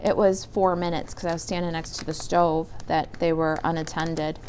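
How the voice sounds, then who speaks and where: A woman's voice: low voice, flat delivery, moderate pace, a little mellow, slight background noise. Chatty middle-aged woman crafting live. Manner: chatty, rambling, reads viewer comments aloud. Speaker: stamping demonstrator.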